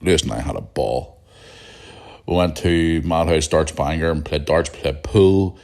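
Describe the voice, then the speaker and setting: A middle-aged Northern Irish man hosting a solo podcast, chatting in a blunt, rambling way with a croaky morning voice. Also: rumbling low, unhurried, a little mellow. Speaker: podcast host. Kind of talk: casual solo podcast chat.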